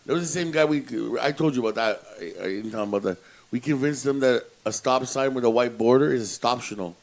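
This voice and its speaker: A man's voice: medium pitch, quick pace, rough recording. A man co-hosting a podcast, telling a prank story in casual chat, swearing and laughing as he talks. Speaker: podcast co-host.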